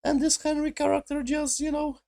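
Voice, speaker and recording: A man putting on a shrill, squeaky voice to mock a smug woman villain. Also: flat delivery, fairly quick, vocal fry, mellow. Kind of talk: mocking impression in a review.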